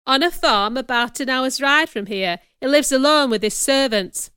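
A woman reading a storybook, voicing a calm, plain-spoken old innkeeper in a bright, clear voice. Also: sits high, moderate pace, no echo, studio quality.

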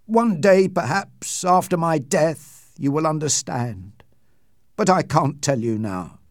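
A man voicing a frightened, dying old doctor who speaks slowly with a trembling voice, in a storybook reading. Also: on the high side, lively intonation, dry recording, clean studio sound, pitched above the performer's own voice. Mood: fearful, grim. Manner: slow and trembling.

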